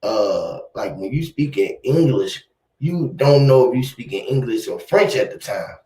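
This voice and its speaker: A man's voice: mid-range voice, animated, measured pace, warm tone. A man in casual chat, laid-back and slangy, repeating himself as he plays with words. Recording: echoey room.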